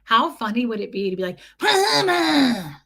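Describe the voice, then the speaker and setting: A woman's voice: mid-range voice, fast, fairly bright tone. A woman chatting casually with viewers on a live stream, laughing often and greeting people by name.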